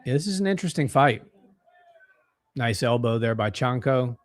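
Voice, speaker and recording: A young man co-hosting a live fight watch-along from home, calling strikes excitedly and reading out chat comments. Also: medium pitch, moderate pace, no echo. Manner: excitable, gasping at big strikes.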